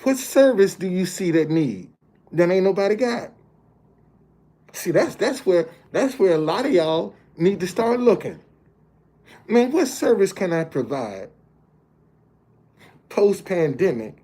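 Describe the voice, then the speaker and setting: Here a man with a dark tone and a voice that sits high tells his own story in a motivational talk. He is fifty-plus, speaks to listeners in a direct, plain way, and often halts to repeat words as the point builds.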